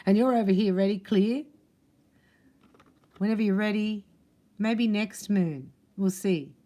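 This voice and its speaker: A woman giving a casual spiritual tarot reading, chatty and quick to laugh. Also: mid-range voice, warm tone. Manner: chatty, laughs often, acts out other voices. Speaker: tarot reader.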